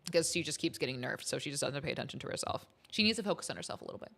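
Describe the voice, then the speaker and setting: A woman's voice: low voice, expressive, racing, vocal fry, a bit bright. A woman host chatting casually on a livestream, rambling and giggling with many fillers.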